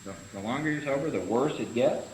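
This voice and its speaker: A man of medium pitch, talking fairly quickly, runs a recovery-group Big Book study, teaching in short, punchy lines he often caps with "see?" The recording carries room echo and a faint hiss.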